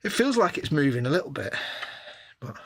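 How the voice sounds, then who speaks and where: A British man struggles with a model kit on a live stream, casually chatting, muttering and making fun of himself as he handles the parts. His pitch is fairly high with big swings, and he talks a little fast. The audio has loud background noise and keyboard clicks.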